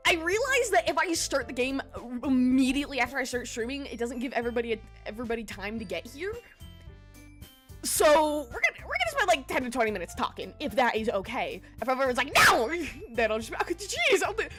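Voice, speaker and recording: A woman's voice: high-pitched, very animated, brisk, faint music behind. A woman streamer in casual, giggly chat, greeting her viewers by name.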